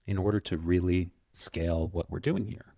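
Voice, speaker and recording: A man co-hosts a podcast, laying out his argument thoughtfully and step by step. His voice sits very low, dark and mellow. The sound is dry and close to the mic. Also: steady tone, normal speed, creaky, dry recording. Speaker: podcast co-host. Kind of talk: conversational podcast talk.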